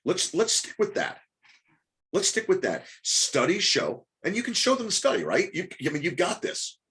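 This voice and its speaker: A man coaching a group on a live call, talking quickly with many restarts and rhetorical questions. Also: high voice, wildly swooping pitch, pushed and bright. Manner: rapid, repetitive restarts, coaxing and rhetorical questions. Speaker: business coach.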